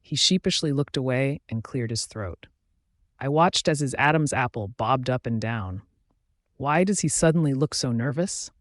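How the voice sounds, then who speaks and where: A man reading a romance novel aloud in a steady, even first-person narration. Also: mid-range voice, moderate pace, no room sound, clean studio sound. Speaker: audiobook narrator.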